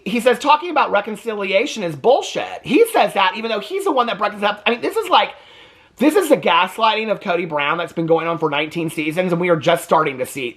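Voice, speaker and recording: Sassy, swearing male recap host. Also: fairly high pitch. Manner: sassy, gossipy, profane; animated. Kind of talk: casual TV recap vlog.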